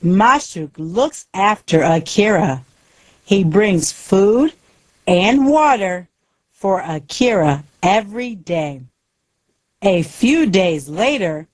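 A woman reads a simple graded-reader story in short, plain sentences. She speaks extremely slowly and with a lively, rising and falling melody, recorded close and dry. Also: lowish voice, dry recording. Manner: very slow, deliberate, simple sentences. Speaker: narrator.

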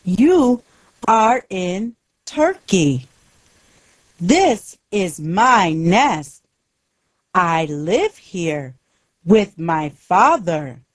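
A woman voicing a shy, sad little male bird who speaks gently and slowly in simple lines. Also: on the low side, big pitch swings, no room sound, full character voice.

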